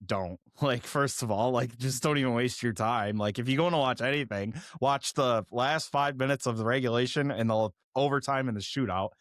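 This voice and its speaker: A man's voice: mid-range voice, a little fast, hardly any pauses, dry recording, studio quality. A man co-hosting a hockey podcast, talking casually and rambling with lots of "like" and frequent laughs. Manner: rambling, heavy use of "like", laughs often. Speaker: podcast co-host. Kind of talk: casual sports chat.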